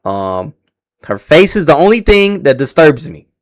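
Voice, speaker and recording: A man's voice: on the high side, very animated, measured pace. A man hosting a casual livestream reaction, rambling and slangy, swearing freely and stumbling over names. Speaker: livestream host reacting to casting news.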